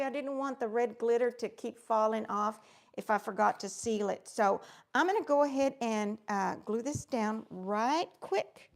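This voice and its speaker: A middle-aged woman, chatting through a craft demonstration livestream and greeting viewers by name. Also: a little high.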